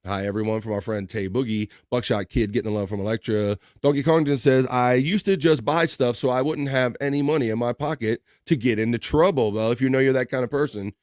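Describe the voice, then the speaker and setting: Man, livestream host, reads chat out loud, jokey, mid-pitched, dry close sound. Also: fairly even intonation, fast, few pauses, dry recording. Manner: jokey, laughs often, reads chat aloud. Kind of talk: casual chat reading viewer comments.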